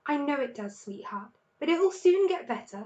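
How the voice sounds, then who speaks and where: A woman's voice: high-pitched, sing-song, normal speed, a little mellow, lo-fi sound, pitched above the performer's own voice. A woman reading a storybook aloud and voicing a loving, tender mother fox who fears for her children. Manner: tender, pleading.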